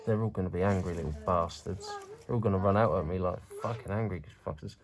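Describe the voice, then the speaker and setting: A man unboxing a gift on camera, excitable and swearing freely as he reacts. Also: low voice, fast talker. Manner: excitable, swears constantly, laughs along. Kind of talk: casual unboxing chat.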